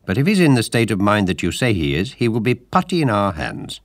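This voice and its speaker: A man's voice: fairly low pitch, very animated, a little fast, no room sound, clean studio sound, voice pushed up. A man voicing a stern, bossy male water rat who speaks in a commanding, emphatic way. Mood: earnest.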